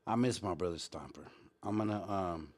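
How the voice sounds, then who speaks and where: A man's voice: sits low, normal speed. Slangy, profane male live-show host. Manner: slangy, profane, animated storyteller. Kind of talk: casual live-stream storytelling.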